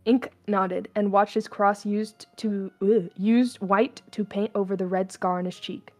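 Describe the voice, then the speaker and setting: A woman's voice: medium pitch, fairly even intonation, measured pace, few pauses, faint music behind. A young woman reading fan fiction aloud, casual and stumbling, with a mixed accent that slips toward Southern US. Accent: mixed, slipping toward Southern US. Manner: casual, stumbling, laughing asides.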